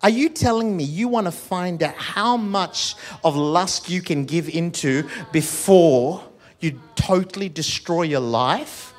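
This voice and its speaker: A man's voice: a little high, slow. A male pastor preaching a sermon, urging the congregation with call and response and joking asides.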